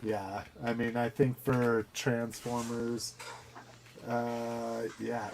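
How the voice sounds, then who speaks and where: A man's voice: medium pitch, level tone, drawn-out words, creaky, noisy background. A man hosting a casual podcast chat about toy collecting, rambling with fillers and restarts. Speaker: podcast host.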